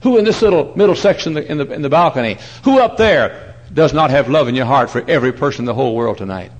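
A man preaching a sermon from the pulpit of a large church. He hammers the congregation with repeated questions and swings from hushed asides to loud preaching. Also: medium pitch, lively intonation, fast talker. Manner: emphatic, presses the crowd with repeated questions. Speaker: pastor.

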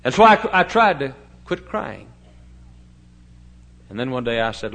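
A male pastor preaching a fiery revival sermon. He moves from soft, hushed storytelling to loud, thundering preaching, and he stretches out scripture verses for emphasis. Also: medium pitch, very animated, a little slow, long pauses.

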